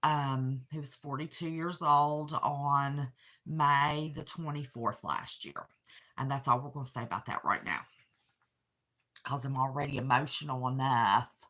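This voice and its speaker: With an extremely low, slightly bright voice and a measured pace, a woman in her 60s from West Virginia hosts a casual livestream from her apartment. She chats with her viewers in an emotional way.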